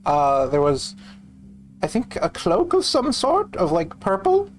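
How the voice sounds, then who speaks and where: A man's voice: sits high, wildly swooping pitch, measured pace, voice pushed up, exaggerated voice. A man voicing a crotchety little old male tailor, talking in a fussy, polite shopkeeper way. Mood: chatty. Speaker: game master voicing a shopkeeper.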